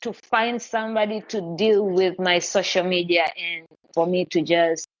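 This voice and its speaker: A woman's voice: lowish voice, a little slow, no echo. Chatty woman with a dull, dry sound. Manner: chatty, animated, many restarts. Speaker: podcast host. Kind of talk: casual live-stream chat.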